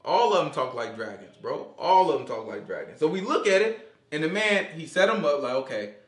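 Animated man teaching in an echoey room. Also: a little high, brisk. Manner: animated, conversational, acts out quotes. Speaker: Bible study teacher. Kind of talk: casual Bible study teaching.

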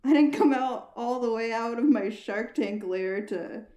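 A woman's voice: on the high side, measured pace, dark tone, roomy sound, dull audio, lightly acted. A woman playing a brash, greedy male TV investor, in an online improv comedy show. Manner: brash, hard-selling. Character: greedy TV shark investor man.

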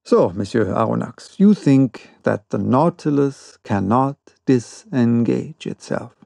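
A man reading the part of a stern, proud older sea captain in an audiobook, with a cold, quiet and ironic manner. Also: mid-range voice, expressive, slow pace, vocal fry, no room sound.

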